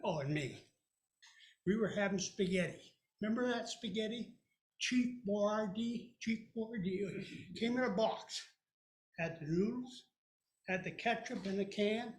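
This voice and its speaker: Older man telling a folksy story. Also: sits high. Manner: animated, folksy, plays many voices. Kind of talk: live storytelling. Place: storytelling event hall. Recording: echoey room.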